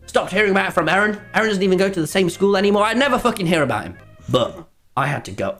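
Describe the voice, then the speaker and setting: A man's voice: a little high, fairly bright tone. A young man from England telling a casual storytime vlog, rambling and swearing, laughing between many restarts. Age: young adult. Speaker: vlogger.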